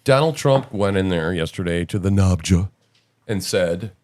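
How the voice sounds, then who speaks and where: A man's voice: low voice, expressive, normal speed, darkish tone, a little hiss or hum. A man hosting a podcast in a casual, sarcastic, incredulous commentary style. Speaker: podcast host.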